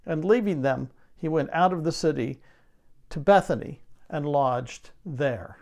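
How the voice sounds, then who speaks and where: A man preaching a sermon, reading scripture and then explaining it with rhetorical questions and lively emphasis. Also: a little high, measured pace.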